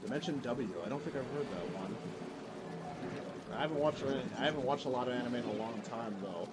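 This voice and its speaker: A man's voice: mid-range voice, brisk, very noisy. Rambly man streaming while gaming. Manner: rambling, heavy "like" fillers and restarts. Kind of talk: casual chat while gaming.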